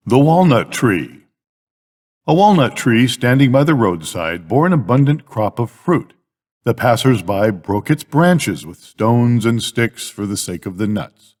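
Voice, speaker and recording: An older man, a grandfather, reading fables as a bedtime story in a measured, expressive way. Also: medium pitch, big-room sound.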